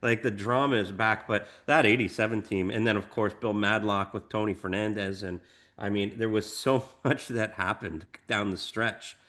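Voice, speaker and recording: A man's voice: lowish voice, normal speed. A man co-hosting a casual sports podcast, talking emphatically with frequent restarts. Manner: animated, emphatic, lots of restarts. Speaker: podcast co-host.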